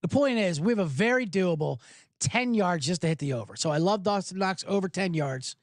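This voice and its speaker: A man's voice: sits high, animated, a little fast, dry recording. Fired-up guy hosting a betting podcast, voice jumps all over, cusses a lot, dry close sound. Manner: hyped, profane, rambling with jokey analogies. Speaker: podcast host. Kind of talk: sports betting podcast talk.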